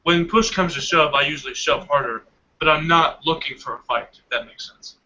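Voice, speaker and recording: Bright-voiced young man telling a story. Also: on the high side, a little fast, muffled recording. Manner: animated storytelling, laughs often. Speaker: hangout participant. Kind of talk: casual chat.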